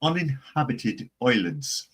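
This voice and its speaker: A man's voice: medium pitch, very animated, slow, fairly bright tone, breathy edge, voice pushed up, heavily acted. A man voicing a jokey, exaggerated stage-Irish character with a put-on Irish accent, lilting and overdone. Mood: mocking. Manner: playful, lilting overdone impression.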